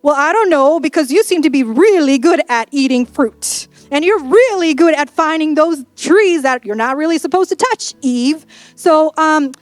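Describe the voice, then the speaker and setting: A grumbling, needling Adam, put on by a woman preacher in a comic sermon sketch. The voice sinks lower and softer than her usual talk and stays dry and close. He sounds sulky and sarcastic throughout. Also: animated, a little fast, no room sound, natural voice. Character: sulky grumbling man Adam, newly exiled.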